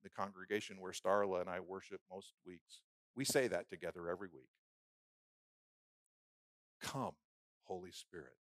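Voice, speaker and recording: A man preaching a sermon who builds phrases into rhythmic lists and drops from loud emphasis to a hushed, prayerful murmur. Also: sits low, steady tone, fairly quick, dry recording, studio quality.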